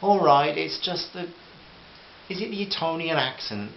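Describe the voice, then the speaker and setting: A man's voice: a little high, measured pace, creaky, pitched above the performer's own voice. A hesitant, deferential young woman, polite and a touch nervous, as a man puts her on. Her voice is a little raised, and the roomy, dull recording has a faint hiss.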